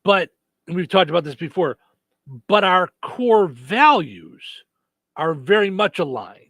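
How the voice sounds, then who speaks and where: A man with a high, bright voice co-hosts a casual radio chat. He stumbles through fillers and restarts as he tells a story. The sound is dry and close. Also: big pitch swings, unhurried, dry recording. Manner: many fillers and restarts, laughs easily. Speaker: radio show co-host.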